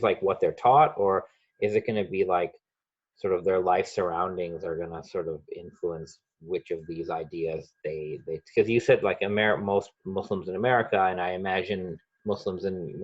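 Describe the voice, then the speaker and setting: A man's voice: low voice, a little mellow, slightly rough, dull audio. A man hosting, asking long, rambling questions in a conversational way.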